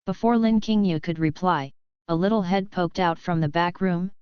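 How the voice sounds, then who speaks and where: A woman narrating an audiobook novel in a steady, unhurried reading voice. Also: lowish voice, smooth, dry recording, dull audio.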